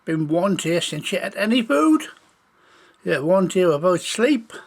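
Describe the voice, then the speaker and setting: A man's voice: sits high, big pitch swings. A man telling an improvised children's story in a meandering way. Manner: gravelly, slow and meandering.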